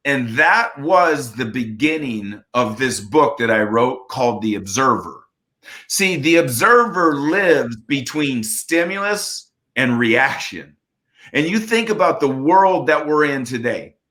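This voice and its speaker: A man's voice: a little high, a bit bright. A man in his fifties from the United States, telling a personal story in an interview with earnest emphasis and acted-out dialogue. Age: 50s. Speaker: interview guest, former baseball pitcher.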